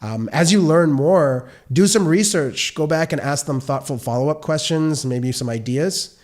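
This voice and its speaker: A man, a software consultant, giving an earnest, explanatory advice monologue on a podcast and asking one question after another. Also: a little high, normal speed.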